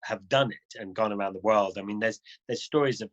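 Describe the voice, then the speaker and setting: Lower-voiced man telling road stories. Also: fairly quick, highs cut off. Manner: animated, acts out other people's lines in the stories he tells. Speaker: guest adventure motorcyclist. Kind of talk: casual conversational storytelling.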